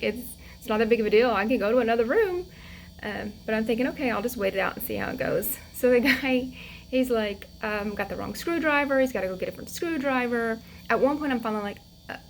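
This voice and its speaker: A woman vlogger telling a personal story in a casual, chatty way, laughing often, acting out quotes, and going soft and hushed as she reflects. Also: on the high side, vocal fry, a little hiss or hum, low-quality recording.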